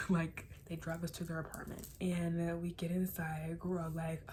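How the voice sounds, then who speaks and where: A young woman telling a storytime tale casually, animated and dramatic, with plenty of swearing. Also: lowish voice, normal speed, a little hiss or hum. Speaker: vlogger.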